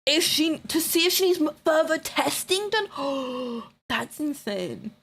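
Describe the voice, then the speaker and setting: A woman streamer talks casually to her live chat with a bouncy, sing-song delivery that climbs and dips a lot. She is blunt and playful, swearing freely and teasing her viewers. Her voice sits a little on the high side. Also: slow. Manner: excitable, with bursts of shouting and laughter.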